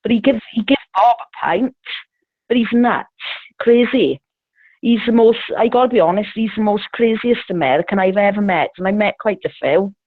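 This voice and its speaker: A woman's voice: mid-range voice, moderate pace, no echo. A woman telling a rambling, swear-filled story over the phone, laughing often. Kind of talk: casual storytelling chat. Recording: tinny phone line.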